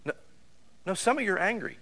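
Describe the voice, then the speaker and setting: A middle-aged man preaching a sermon, animated, with loud bursts and sudden drops to quiet. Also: mid-range voice, moderate pace. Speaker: pastor.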